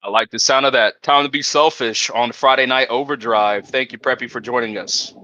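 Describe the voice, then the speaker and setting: A man runs a backstage wrestling interview, upbeat and hyping the upcoming matches. His voice is bright and forceful, but dry and dull, as if through a cheap mic. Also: medium pitch, fairly even intonation, a little fast, no echo. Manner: upbeat, hypes the show.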